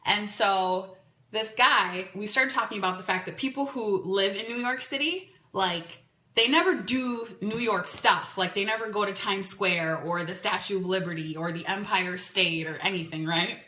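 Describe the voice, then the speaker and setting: A woman podcaster tells a long story in a chatty, animated way, with a "like" in nearly every sentence. Her voice is bright and sounds as if it was recorded in an echoey room. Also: medium pitch, normal speed. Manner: chatty and animated, full of "like" fillers. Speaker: podcast host. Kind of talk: casual storytelling monologue. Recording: roomy echo.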